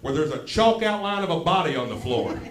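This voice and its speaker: A man's voice: on the high side, very animated, fairly quick, crowd noise. A man from West Virginia with a Southern West Virginia accent doing a self-deprecating stand-up set on a comedy club stage. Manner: self-deprecating, drawling storyteller. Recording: echoey club room, audible noise.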